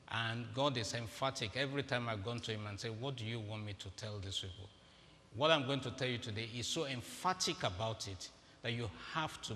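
A man's voice: medium pitch, fairly bright tone, a little hiss or hum. A man giving a humorous, interactive sermon, directing volunteers on stage in a large auditorium. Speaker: guest preacher. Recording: echoey hall with faint ambience.

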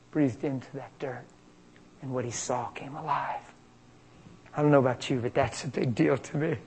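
A middle-aged man preaching, telling a healing story in an animated way that jumps high and loud at its peaks. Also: poor audio. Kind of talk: healing testimony sermon.

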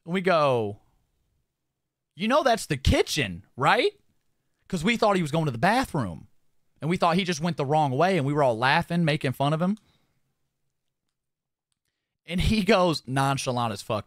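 A young man streamer telling a funny story to his chat in a casual, animated, profane way, often laughing. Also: fairly high pitch, moderate pace, pauses often, no room sound, clean studio sound.

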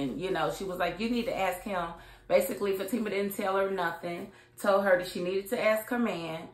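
A woman talks through a TV episode in a loose, colloquial recap, jumping into the characters' lines as she retells them. Her voice sits in an ordinary middle pitch. The recording carries a noticeable roomy echo. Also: fairly quick. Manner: chatty, acts out characters' lines; colloquial, outspoken. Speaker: TV show reviewer. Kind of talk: casual recap and review.

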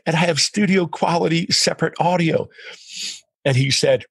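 A husky, gravelly middle-aged man recounts a story as a podcast guest. He acts out what others said as he goes. His voice sounds close and dry. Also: fairly high pitch, moderate pace, no room sound. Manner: animated, quotes others in dialogue. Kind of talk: storytelling in conversation.

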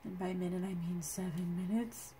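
A woman's voice: fairly low pitch, fairly even intonation, normal speed, warm tone, a little hiss or hum. A young woman giving let's play commentary, cooing at her companion creature and swearing freely. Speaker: gamer. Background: game music.

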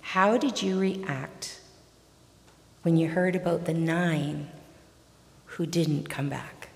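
In a large church with long reverb, a woman preacher delivers a sermon and reads scripture. Her voice is low, slow, and creaky, and she tells stories expressively.

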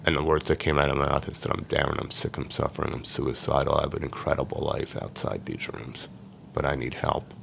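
Very deep, gravelly man telling his story. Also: fairly quick, fairly bright tone, a little hiss or hum. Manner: earnest, emotional storytelling. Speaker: podcast guest. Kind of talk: personal recovery story.

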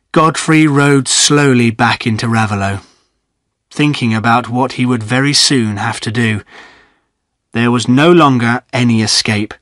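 A man narrating a graded-reader audiobook in a steady, clear storytelling manner. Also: mid-range voice, no echo, clean studio sound.

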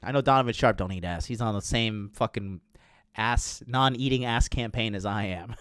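A man's voice: on the low side, normal speed, a bit bright, no room sound, clean studio sound. Crude, profane man chatting to viewers. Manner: crude, profane, rambling storytelling. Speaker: dating coach host. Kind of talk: casual livestream talk to chat viewers.

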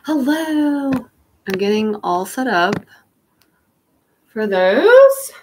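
A young woman chats to her livestream viewers at a slow, unhurried pace. She sounds a little scattered, wandering between setup and searching for things. Faint background noise sits under her voice. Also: fairly high pitch, big pitch swings, poor audio. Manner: scattered, talks to viewers while hunting for things. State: out of breath. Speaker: fashion livestream host. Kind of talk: casual livestream chat.

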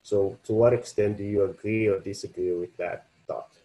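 A man moderating an online panel, asking a question in a halting way and searching for his words. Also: on the low side, steady tone, dark tone, poor audio. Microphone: video call.

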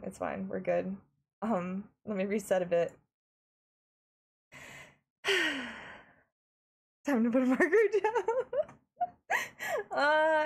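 A woman's voice: mid-range voice, creaky. A woman with an Australian accent, live-streaming in casual chat, giggly and flustered as she talks to her chat.

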